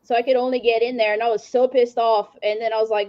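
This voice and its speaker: A woman's voice: a little high, fairly even intonation, fairly quick, lo-fi sound. A woman hosting a casual interview, telling rambling stories and laughing often. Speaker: host. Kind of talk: casual chat.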